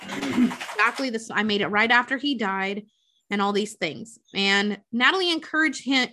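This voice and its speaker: Woman, casual podcast chat, bright tone, chatty, swearing, acting out quotes. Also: a little high. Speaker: podcast co-host recapping a film.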